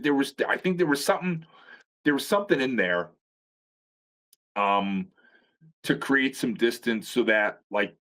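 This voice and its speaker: A man's voice: mid-range voice, a bit bright. A middle-aged man speaking in an ordinary middle register, trading wrestling-life stories as a guest. He is loose and sarcastic, swears freely, and circles back on himself with restarts as he tells it. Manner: profane, rambling storyteller with frequent restarts; sarcastic humor. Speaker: guest, veteran pro wrestler. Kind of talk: casual storytelling chat.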